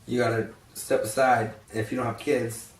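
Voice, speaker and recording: A man's voice: mid-range voice, little pitch movement, moderate pace. Casual vlogger, young man, tired and blunt, swears, rambles, set back from the mic in a roomy space. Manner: blunt, swears freely, rambling with many fillers. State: tired and yawning. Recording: echoey room, distant from the mic.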